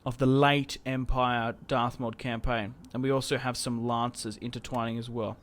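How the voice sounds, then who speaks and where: A man's voice: medium pitch, little pitch movement, moderate pace. A young man giving casual, joking commentary over his own strategy game, often trailing off and restarting. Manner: chatty, joking, self-interrupting. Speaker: gaming channel host.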